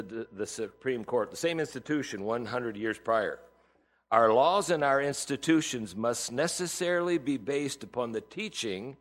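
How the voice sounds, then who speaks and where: A man in his sixties preaching a sermon from the United States, earnest and emphatic, stressing each point. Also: medium pitch. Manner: earnest, emphatic, piling up statistics and quotes.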